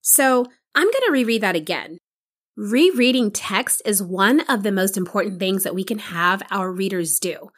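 A woman's voice: mid-range voice, a bit bright. A woman hosting an educational podcast for teachers, explaining read-alouds and acting out think-aloud examples.

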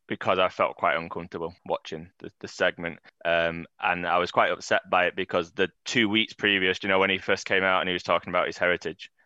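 A man with a very deep, flat, smooth voice that is also bright and clear. He speaks in a measured, reflective way on a casual podcast, heard on a dry, dull-sounding recording. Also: dry recording. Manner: measured, reflective, asks the others' views. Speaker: podcast co-host. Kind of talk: casual wrestling discussion.

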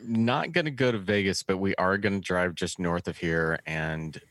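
A man's voice: sits low, moderate pace, a bit bright, no room sound, studio quality. A man from Texas, co-hosting a podcast, telling stories in a laid-back, casual way. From Texas, USA. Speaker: podcast co-host. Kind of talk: casual chat, storytelling.

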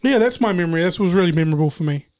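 High-voiced New man on a podcast. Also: expressive, very fast, a little mellow. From New Zealand. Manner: earnest, hesitant starts. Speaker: podcast panelist. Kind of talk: casual chat.

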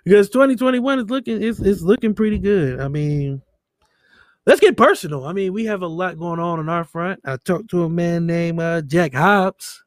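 Male podcast host, higher pitch, loose jokey delivery, dry close mic. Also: lively intonation, moderate pace, dry recording. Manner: joking, loose, swears freely. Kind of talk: casual podcast banter. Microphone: remote call setup.

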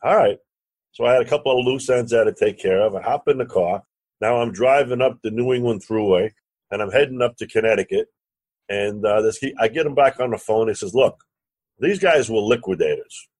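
A man, a real estate lender and podcast guest, telling a lively anecdote and acting out the other voices. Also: fairly low pitch, fairly quick, breathy edge. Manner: animated anecdote teller, acts out quoted dialogue, curses casually. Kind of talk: storytelling in a podcast interview.

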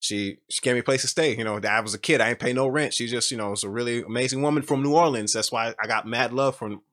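A man's voice: medium pitch, quick pace, a bit bright. A young man telling his story in a casual, rambling way with many fillers and restarts.

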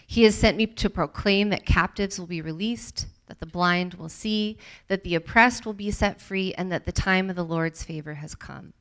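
A woman reading scripture aloud to a group, with an expressive delivery that grows livelier in the quoted speech. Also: lowish voice, moderate pace, hardly any pauses. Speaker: Bible study leader.

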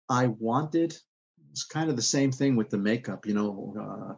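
A man being interviewed as an actor guest, talking in a rambling, halting way with many restarts. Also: lowish voice, gravelly, a little mellow, slightly rough, muffled recording. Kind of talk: podcast interview.

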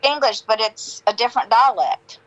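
Brash bright-voiced woman. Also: on the high side, moderate pace, dull audio. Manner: brash, self-assured, teasing. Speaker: podcast guest. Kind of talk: casual interview chat.

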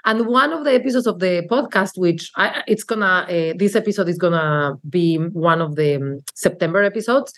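A woman's voice: fairly low pitch, moderate pace, hardly any pauses. Mexican-accented woman speaking earnestly. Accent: Mexican Spanish. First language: Spanish. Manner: earnest, reflective, with frequent fillers and restarts. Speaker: marketing executive guest. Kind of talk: candid interview conversation.

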